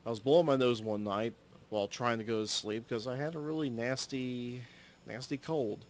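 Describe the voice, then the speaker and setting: Man, solo host, casual storytelling, mid-pitched, rambling, self-correcting, swears now and then. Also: moderate pace. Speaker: solo podcaster. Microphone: audio-only recording, no camera.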